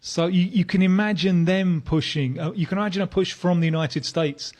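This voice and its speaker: A man discussing football on the radio in a measured, analytical way, with frequent stammered restarts. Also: sits high, darkish tone. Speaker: studio pundit.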